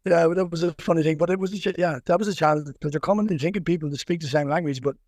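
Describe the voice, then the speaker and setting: Wexford Irish man, higher voice, dry sound. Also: racing, darkish tone, dry recording. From Ireland. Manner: rambling, many restarts and repeated words, laughs easily. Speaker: boxing coach, guest. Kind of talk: casual podcast interview.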